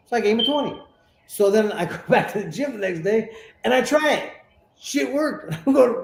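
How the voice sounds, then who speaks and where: A man's voice: high-pitched, moderate pace, echoey room, a little hiss or hum. A man from California, a former boxer, telling stories casually in an interview, often repeating words as he goes. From Sacramento, California. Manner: animated storyteller, repeats words while talking.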